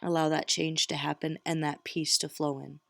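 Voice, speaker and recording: A woman's voice: deep voice, little pitch movement, normal speed, creaky, dry recording, clean studio sound, faint music behind. A middle-aged woman reading tarot cards, talking casually and encouragingly straight to her viewers. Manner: warm encouraging pep talk, direct address. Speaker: tarot reader.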